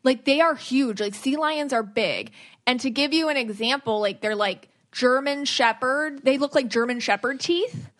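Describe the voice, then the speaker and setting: A chatty woman hosts a casual podcast, her voice sitting a little high. She rambles with energy, breaking off and restarting her sentences as she goes. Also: normal speed. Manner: rambling, animated, with many restarts. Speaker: podcast host and psychic medium. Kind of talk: casual chat.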